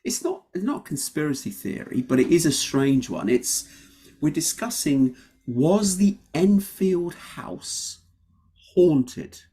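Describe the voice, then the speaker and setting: A man co-hosting a casual podcast, chatty and quick to laugh, with a cold cough. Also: medium pitch, darkish tone, breathy edge. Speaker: co-host.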